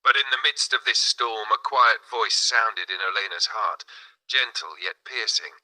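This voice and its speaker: Man narrating a spiritual audiobook, sharp-toned. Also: on the low side, poor audio. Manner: measured, dramatic storytelling. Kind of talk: scripted narration.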